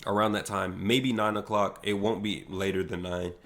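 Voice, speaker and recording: A man's voice: on the low side, fairly even intonation, normal speed, fairly bright tone. A young American man hosting a solo livestream podcast, talking casually in slangy, hyped, rambling bursts. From United States.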